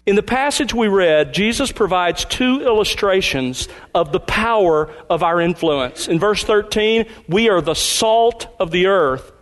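A man delivering a sermon in a fairly high voice. He preaches with emphasis, slowing down and stressing key words as he explains a passage. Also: expressive, fairly bright tone. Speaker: pastor.

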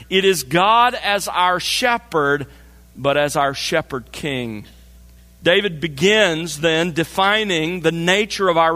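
Man preaching a measured sermon in a reverberant hall. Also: a little high, pushed and bright. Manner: measured, slows for emphasis on key phrases. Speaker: pastor. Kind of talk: expository sermon.

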